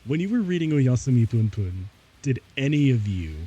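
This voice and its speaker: A man's voice: mid-range voice, sing-song, moderate pace, warm tone, muffled recording, a little hiss or hum. A man streaming live, chatting casually and rambling, often laughing between thoughts and saying "like" and "y'all" a lot.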